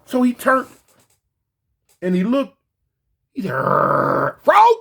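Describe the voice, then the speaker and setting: A storyteller talking casually and slangily, animated, often repeating words and acting out voices. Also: medium pitch, slow. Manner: acts out voices in quotes.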